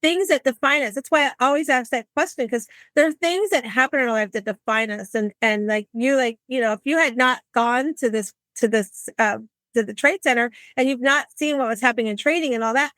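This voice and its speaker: A woman's voice: on the high side, brisk, no echo. Dry-voiced woman in her sixties, chatty storyteller. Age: 60s. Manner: animated, acts out quoted voices. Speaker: podcast host. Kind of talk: conversational storytelling.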